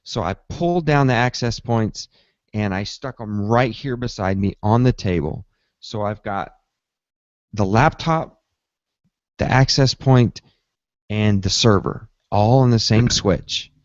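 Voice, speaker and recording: A man hosting a casual tech podcast who tells his story in a lively way and acts out his own reactions. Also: lowish voice, measured pace, dry recording. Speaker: podcast host. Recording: dull, slightly lo-fi dry sound.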